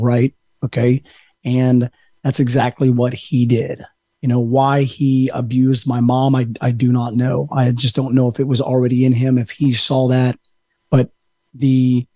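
A man with a mid-range voice speaks earnestly as a podcast guest, thoughtful and steady. He is from the United States, and the recording is dry. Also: medium pitch, no room sound. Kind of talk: casual interview.

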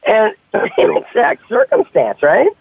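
A man telling stories in a casual conversation, animated and acting out the dialogue he quotes. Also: high voice, takes it slowly, creaky, husky, no room sound. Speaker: author and podcast guest. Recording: tinny phone-like line.

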